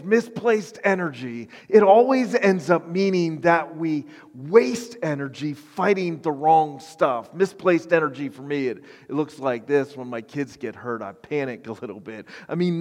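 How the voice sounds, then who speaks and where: A man preaching with animated, self-deprecating humor, his voice pitched a little high for a man. The sound carries a long hall reverb behind it. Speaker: pastor. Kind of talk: sermon.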